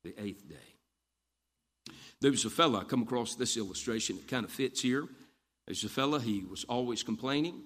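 A man's voice: medium pitch, a bit bright. Folksy preacher man. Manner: folksy storytelling, repeats lines for emphasis. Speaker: Baptist preacher. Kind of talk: sermon.

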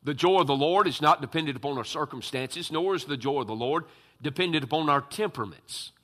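Bright-voiced emphatic man preaching. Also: fairly high pitch, brisk. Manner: folksy, emphatic preaching with fillers and asides. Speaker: pastor. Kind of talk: sermon.

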